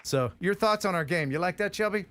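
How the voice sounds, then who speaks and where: A man's voice: high-pitched, a little fast, fairly bright tone, a little hiss or hum. Playful man hosting a live stream. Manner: playful, hesitant, lots of ums and restarts. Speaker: host. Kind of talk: casual live-stream chat.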